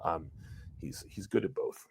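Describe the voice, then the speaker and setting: A man's voice: measured pace, a little mellow, dry recording. A man on a podcast, casually explaining a passage and stressing key words. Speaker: podcast co-host. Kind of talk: casual book discussion.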